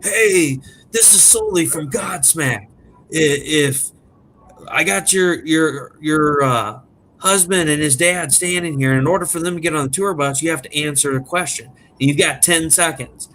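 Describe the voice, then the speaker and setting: Dude playing his dad pretending to be a rock star, raised brash voice, bright tone. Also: on the high side, a little slow, slight background noise, voice pushed up. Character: middle-aged dad posing as a rock drummer on the phone.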